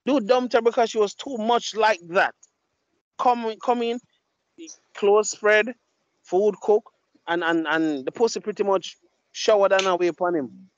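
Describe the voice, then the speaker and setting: Profane high-voiced man, dull mic. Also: a little slow, no echo. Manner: blunt, profane storytelling. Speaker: podcast host. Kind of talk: casual podcast chat.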